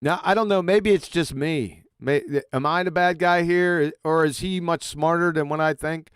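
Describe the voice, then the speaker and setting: A man hosting a livestream, giving crude, mocking commentary on a clip he plays and shouting in outbursts. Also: fairly high pitch, normal speed, smooth, dry recording. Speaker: livestream host.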